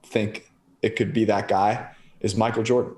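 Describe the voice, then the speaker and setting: A man co-hosting a podcast in relaxed casual chat, asking his partner questions. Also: fairly low pitch, normal speed. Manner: relaxed, conversational, asks questions. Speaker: podcast co-host.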